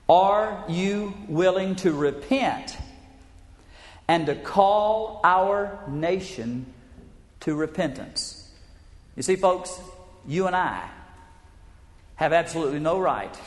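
A pastor preaching to his congregation, his voice sitting a little high for a man. He presses his points with sudden shifts in pitch and pace. The sound rings through a big, echoing hall with a long reverb tail. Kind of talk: sermon.

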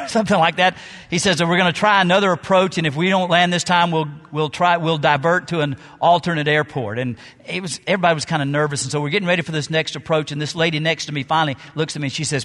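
A middle-aged male pastor preaching a sermon, telling stories with dramatic pauses and swings between loud and soft. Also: a little high. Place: church sanctuary. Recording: long reverb of a large hall.

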